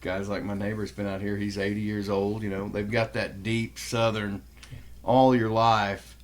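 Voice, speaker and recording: A man hosting a casual podcast chat, talkative and quick to agree. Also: fairly low pitch, level tone. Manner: chatty, agreeing, playful mimicry. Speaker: podcast host.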